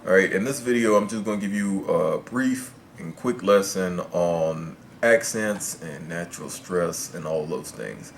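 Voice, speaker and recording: A deep-voiced man explains Spanish pronunciation in English at a measured pace, restating and rewording each point so it sinks in. Chirping birds are clearly heard behind him.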